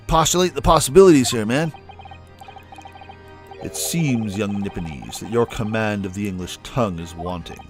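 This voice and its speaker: A man doing a deep, cold, haughty prosecutor. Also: close to an everyday voice. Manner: slow, measured, disdainful.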